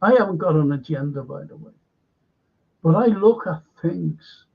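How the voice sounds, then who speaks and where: A man in a rambling, opinionated monologue, halting and repeating words, with a sarcastic edge. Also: on the high side, expressive, creaky, breathy edge, dull audio.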